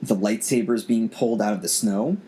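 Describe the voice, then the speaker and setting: Deep voiced guy on a podcast, emotional and earnest, keeps repeating himself. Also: fairly quick, dark tone, a little hiss or hum. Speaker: podcast host. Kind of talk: casual storytelling chat.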